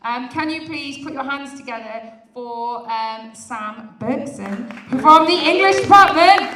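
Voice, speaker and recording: Female MC, high pitch, playful crowd-teasing delivery, distant mic in a roomy venue. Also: lively intonation, a little slow, bright, forceful tone. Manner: bubbly, teasing the audience. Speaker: event host. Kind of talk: live event hosting. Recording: echoey hall, voice from a distance.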